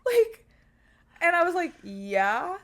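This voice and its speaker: A young woman co-hosting a podcast, telling a story in casual chat, animated, swearing and laughing as she goes. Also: very high voice, slow pace. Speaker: podcast co-host.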